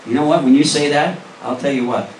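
A man's voice: medium pitch, steady tone, brisk, slight background noise. Earnest male pastor preaching in an echoey hall. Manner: earnest preaching with rising emphasis and direct questions to the congregation. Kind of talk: sermon. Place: church sanctuary. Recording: roomy echo, voice from a distance.

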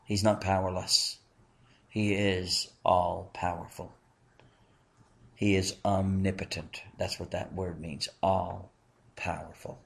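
A male pastor preaching a sermon in an earnest way, swinging from emphatic lines to hushed, slow ones. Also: sits low, level tone, vocal fry.

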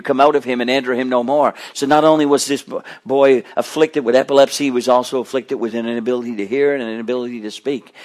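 A man's voice: mid-range voice, a little mellow. A middle-aged man preaching a sermon with impassioned delivery, rising to fervent pleading cries.

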